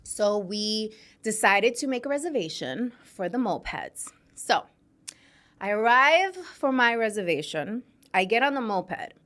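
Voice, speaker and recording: Woman host, 30s, from New York City. Animated, conversational, laughs easily. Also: mid-range voice, a little slow. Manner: chatty and animated, laughs often, addresses listeners directly. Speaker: podcast host. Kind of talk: casual storytelling monologue. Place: studio.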